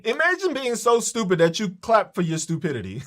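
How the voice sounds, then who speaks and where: A man rants on his podcast with a high, lively voice that leaps all over its range. He talks in a heated, profane, mocking way. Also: fairly quick. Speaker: podcast host. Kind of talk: ranting political monologue.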